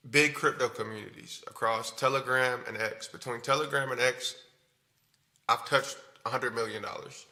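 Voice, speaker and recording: A man's voice: mid-range voice, bright, forceful tone. A man streaming to his viewers, telling his story in a candid, rambling, profane way. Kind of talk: casual talk to stream viewers.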